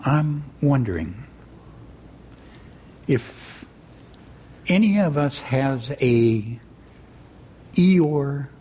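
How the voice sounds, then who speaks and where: A man retelling a children's story aloud in an expressive, musing, unhurried way. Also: medium pitch.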